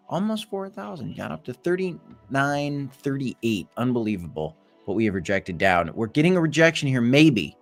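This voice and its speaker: Chatty man hosting a crypto live stream. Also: medium pitch. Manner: chatty, playful asides, hype. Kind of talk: casual live market commentary.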